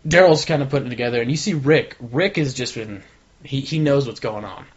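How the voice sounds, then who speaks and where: A podcast co-host with a mid-range voice talks a little fast as he casually recaps a TV episode, retelling it with energy and acting out the characters' lines. The recording sounds dull and lo-fi.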